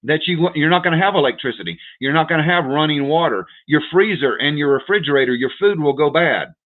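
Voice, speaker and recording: A man's voice: on the high side, expressive, fast. A man hosting a livestream, lecturing viewers in an urgent, repetitive way and calling them "folks" over and over. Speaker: prepper livestream host. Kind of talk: direct-to-viewer livestream rant. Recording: tinny phone-like audio.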